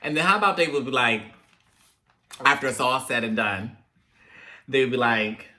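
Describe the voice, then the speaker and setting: A young man hosting a casual talk video, telling animated stories about growing up in African American English. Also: mid-range voice, moderate pace. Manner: chatty, animated when telling parent stories. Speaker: host. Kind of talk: casual chat, storytelling to viewers.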